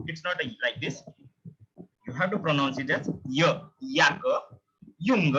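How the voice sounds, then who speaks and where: A man teaching a beginners' class, repeating each sound slowly for his students. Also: fairly high pitch, fairly bright tone, slight background noise. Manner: repeats words slowly for learners, drawn-out demonstrations. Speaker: language teacher. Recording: muffled lo-fi recording.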